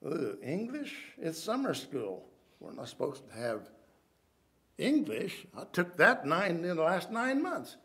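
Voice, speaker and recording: Male preacher, high voice, sermon, loud bursts then quiet asides, Hebrew biblical terms. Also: sing-song, unhurried.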